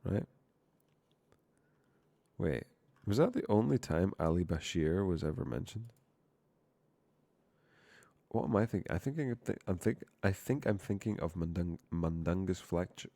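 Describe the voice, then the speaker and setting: A man's voice: low-pitched, expressive, a little slow, creaky, long pauses, mellow, dry recording. A young man streaming while coding, rambling and profane, often cutting himself off mid-word. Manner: rambling, profane, self-interrupting. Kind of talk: casual live-stream chat while coding.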